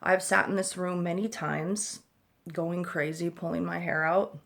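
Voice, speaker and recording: A woman's voice: on the low side, fairly even intonation, a little slow, vocal fry, fairly bright tone. A woman speaking as the mother of an autistic child, giving blunt, emphatic advice to other parents in a rambling monologue with casual swearing, recorded in a room at home.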